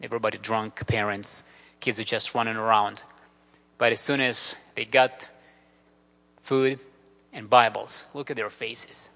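A man's voice: lowish voice, flat delivery, unhurried, pauses often, pushed and bright. A man giving an earnest, grateful mission talk with slides in a church. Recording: long reverb of a large hall.

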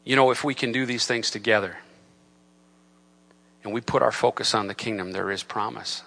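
A man preaching a sermon in a church. He reads scripture in a solemn cadence and builds from soft, low talk to loud, raised preaching. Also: fairly even intonation, normal speed. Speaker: pastor. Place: church sanctuary.

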